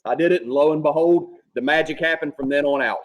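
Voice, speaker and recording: A man, a former Marine sergeant, telling profane, animated stories from his service days. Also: fairly high pitch, fast, low-quality recording. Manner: profane, animated war storytelling. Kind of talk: casual storytelling.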